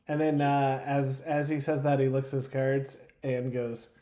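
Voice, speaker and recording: A man's voice: mid-range voice, completely flat delivery, normal speed, few pauses, mellow, roomy sound. A man narrating as game master of a tabletop role-playing game, with laughing, rambling asides.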